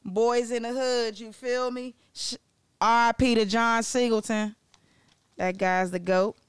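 Excitable young woman with a smooth, dry voice. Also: on the high side, a little slow, dry recording. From Maryland, US. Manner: excitable, joking, digressive, swears freely. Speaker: vlogger presenting facts on Black-owned businesses. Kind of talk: casual educational vlog talk.

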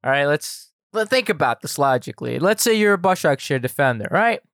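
A man with a fairly high voice co-hosts a casual football podcast. He reasons aloud in a slangy, laid-back way, recorded dry and close. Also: big pitch swings, fairly quick, a bit bright, no echo. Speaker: podcast co-host. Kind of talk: casual sports podcast chat.

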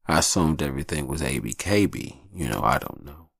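A man's voice: a bass voice, expressive, fairly quick, vocal fry, a bit bright, slightly rough, no echo, studio quality. A man hosting a podcast, telling personal stories in a candid, profane, casual way. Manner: candid, profane, acts out voices in his stories. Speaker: podcast host. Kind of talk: casual storytelling monologue.

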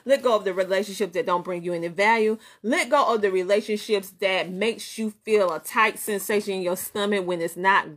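A woman's voice: mid-range voice, a bit bright. A middle-aged woman with a Southern American accent, a business coach and host giving a motivational live-stream talk, preachy and emphatic, repeating phrases for effect. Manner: greets viewers by name and laughs easily.

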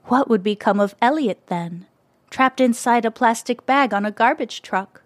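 A woman narrating a children's story in a gentle, expressive way, close to the mic. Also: fairly high pitch, normal speed, no room sound.

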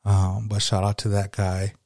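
A man's voice: lowish voice, completely flat delivery, normal speed, a little mellow, dry recording, clean studio sound. A man hosting a solo motivational podcast, rambling and swearing casually as he talks. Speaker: podcast host.

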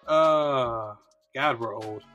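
A man's voice: on the high side, fairly bright tone. A man in casual chat, teasing and nostalgic in a laid-back way.

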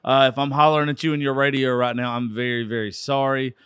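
Rowdy tipsy Southern man, bright voice. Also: medium pitch, quick pace, clear, resonant tone, no room sound, studio quality. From Georgia, USA. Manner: rowdy, profane, excitable. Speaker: radio show host. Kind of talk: drunk live sports commentary.

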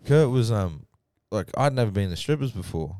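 A man's voice: on the low side, lively intonation, normal speed, warm tone, no echo, studio quality. A young Australian man hosting a podcast, telling rowdy, slangy stories and swearing freely. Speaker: podcast host. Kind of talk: casual chat among mates.

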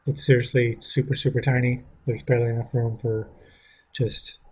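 Man, casual vlog storytelling, husky voice, rambling, swears. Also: medium pitch, level tone, normal speed, darkish tone. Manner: rambling, frequent fillers and restarts, swears. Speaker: vlogger.

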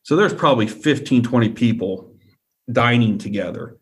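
A man's voice: mid-range voice, lively intonation, moderate pace. Earnest man retelling a frightening encounter. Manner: repetitive, keeps checking in with the listener. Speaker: guest telling a personal encounter. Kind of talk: earnest first-person storytelling.

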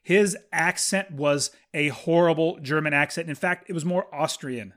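A man's voice: fairly high pitch, moderate pace, fairly bright tone. A man chatting casually and enthusiastically about a movie as a podcast co-host, rambling with frequent restarts.

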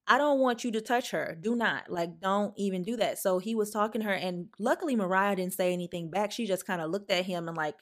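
Young woman podcaster storytelling, animated and emphatic. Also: mid-range voice, a little fast, hardly any pauses. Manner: animated, emphatic, acts out quoted lines. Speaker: podcast host. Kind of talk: candid personal storytelling.

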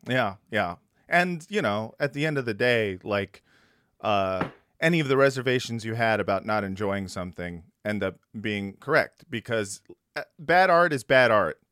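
A man's voice: on the low side, expressive, normal speed, fairly bright tone, smooth, no room sound. A man hosting a podcast in casual chat, hesitant and wry, with many fillers. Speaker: podcast host.

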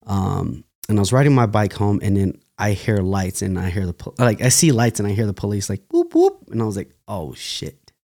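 A man's voice: lowish voice, fairly even intonation, a little fast, gravelly, few pauses, a little mellow. Rambling young man telling stories. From California. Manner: loose, rambling, laughs often, restarts. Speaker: podcast guest, dancer. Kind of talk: casual storytelling interview.

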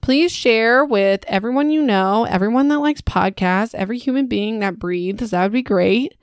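A woman's voice: a little high, moderate pace, dry recording, studio quality. A young adult woman hosting a casual book podcast, chatty and self-mocking, laughing at her own slips into a home microphone. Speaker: podcast host.

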